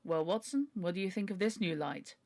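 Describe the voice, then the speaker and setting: A woman reading a brisk young baronet. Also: on the low side, darkish tone, lightly acted. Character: decisive young male baronet. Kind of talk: reading a novel aloud.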